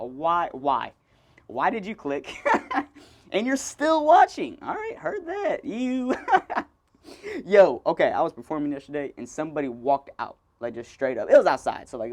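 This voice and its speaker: Lively, rambling young man laughing at himself. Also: on the high side. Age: 20s. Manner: rambling, self-mocking, laughs often. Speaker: podcast host. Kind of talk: solo podcast monologue. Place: indoors, seated.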